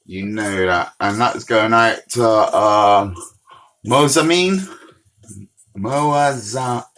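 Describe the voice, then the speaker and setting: A man's voice: fairly low pitch, slow, a bit bright, soft background music, poor audio. Chatty Bristolian man on a livestream. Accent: Bristolian West Country. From Bristol, England. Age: 40s. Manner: chatty, direct, answers viewers by name. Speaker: recovery mentor livestream host. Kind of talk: casual livestream chat, reading comments. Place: outdoors walking around. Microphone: phone livestream.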